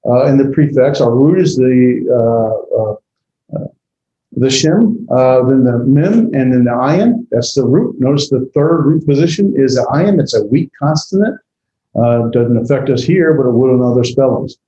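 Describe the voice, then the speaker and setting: A man's voice: medium pitch, expressive, measured pace, dark tone, roomy sound, highs cut off, slight background noise. A man teaching a class in a rambling way, with many fillers and restarts, tired after a long day. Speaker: instructor. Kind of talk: classroom lecture.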